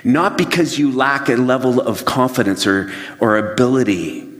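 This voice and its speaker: A man's voice: medium pitch, normal speed. Preacher man in a big reverberant hall. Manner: animated storytelling, acts out his own flustered inner voice. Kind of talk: sermon. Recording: long reverb of a large hall.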